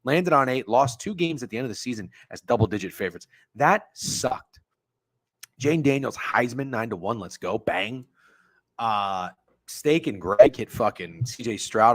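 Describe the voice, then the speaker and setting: A man's voice: mid-range voice, moderate pace. A young man casually hosting a sports betting livestream, rambling and swearing as he talks to his chat. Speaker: sports betting stream host.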